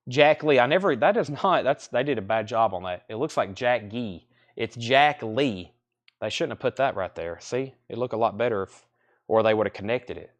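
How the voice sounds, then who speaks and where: Chatty man calling out record prices. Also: mid-range voice. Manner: chatty, rambles between quick price call-outs. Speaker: record store host running a live sale. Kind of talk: casual livestream sales patter.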